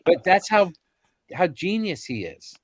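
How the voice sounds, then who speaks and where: A man's voice: sits high, a little slow, dry recording. Chatty man in his fifties spinning anecdotes. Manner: animated anecdotes with frequent ums and restarts. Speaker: podcast guest, convention organizer. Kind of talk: casual storytelling interview.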